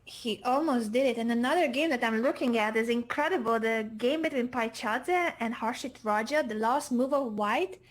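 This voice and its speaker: Female chess co-commentator, high pitch, energetic stream hype. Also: moderate pace, hardly any pauses. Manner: energetic, hypes up the stream chat.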